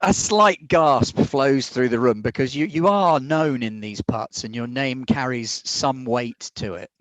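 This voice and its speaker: A man's voice: mid-range voice, unhurried, no room sound, rough recording. A middle-aged man running a tabletop role-play game, narrating scenes and voicing characters in a theatrical storytelling manner. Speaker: game master.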